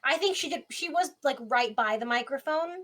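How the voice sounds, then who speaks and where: A woman guest on a podcast, chatting casually, giggly and animated. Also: a little fast. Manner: giggly, animated, breaks into high laughing quotes. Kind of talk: casual chat.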